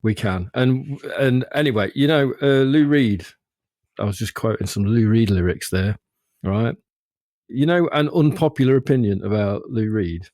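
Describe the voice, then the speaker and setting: A man's voice: medium pitch, moderate pace, darkish tone, no room sound, studio quality. A man, co-hosting a podcast in a rambling, good-humoured casual chat. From Derby, England. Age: 50s. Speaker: podcast co-host.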